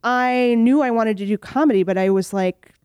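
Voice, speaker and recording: A woman's voice: on the high side, moderate pace, clear, resonant tone, dry recording. A young woman, a comedian, chatting casually with frequent "like" fillers. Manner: chatty, lots of "like" fillers, animated. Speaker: comedian guest. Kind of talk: casual podcast chat.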